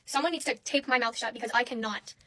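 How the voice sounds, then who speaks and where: A woman's voice: on the high side, quick pace, sharp tone. A young woman doing a makeup tutorial voice-over, counting aloud and scolding herself in dramatic exasperation. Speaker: beauty creator.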